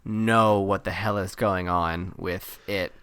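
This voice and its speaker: Male co-host, smooth clear voice, dry close sound, casual storytelling. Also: low-pitched, slow, dry recording. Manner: storytelling, animated retelling. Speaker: podcast co-host. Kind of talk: casual chat, film review.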